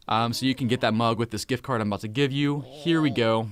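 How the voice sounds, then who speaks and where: A man in his thirties hosting a casual live stream, talking in an upbeat, hurried way and now and then hushing his children. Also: mid-range voice, fairly even intonation, crowd noise. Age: 30s. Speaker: host.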